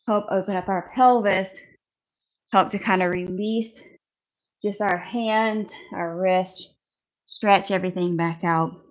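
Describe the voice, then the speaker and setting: A woman's voice: mid-range voice, highs cut off. Breathless woman coaching a workout. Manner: encouraging, counts reps aloud, demonstrates while talking. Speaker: fitness instructor. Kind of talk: coaching a follow-along workout.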